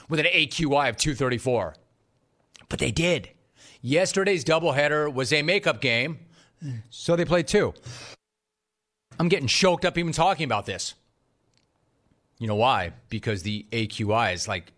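A man hosting a sports talk show, delivering an energetic, sarcastic monologue with jokey asides in a studio. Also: medium pitch, normal speed.

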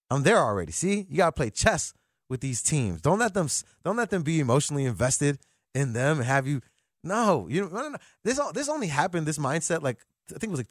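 Animated, joking male sports radio host. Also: mid-range voice, no room sound, studio quality. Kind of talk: casual sports talk radio. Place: radio studio. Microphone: studio microphone.

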